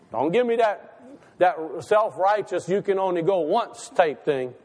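Within a church sanctuary's long reverb, a male preacher gives a folksy, conversational sermon that builds into impassioned calls. His voice sits high, expressive and a little mellow, and he speaks unhurriedly.

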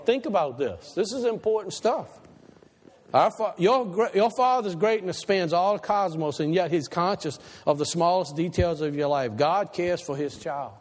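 Animated preacher in a reverberant hall. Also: male voice, normal speed. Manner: animated preaching, rising to high emphatic peaks and dropping to quiet asides. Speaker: pastor. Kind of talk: sermon.

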